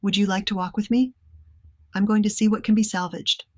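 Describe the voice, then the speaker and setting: An earnest, protective young rancher man speaks in a soft, careful voice, as a woman reads him in her own plain tone. The sound is dry and close, with no room around it. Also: medium pitch, fairly even intonation, a little fast, no echo, lightly acted. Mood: concerned.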